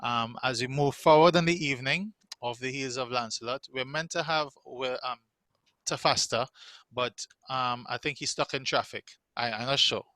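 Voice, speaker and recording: Bright, dry-voiced male host. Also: medium pitch, normal speed, no echo. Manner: playful, teasing banter. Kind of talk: hosting an online live show.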